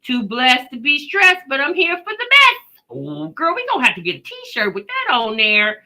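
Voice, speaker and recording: Animated, bright-voiced woman hosting a live chat. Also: high-pitched, moderate pace. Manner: greets chat viewers by name, chatty and animated. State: tired after work. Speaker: reaction channel host. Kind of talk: casual livestream chat.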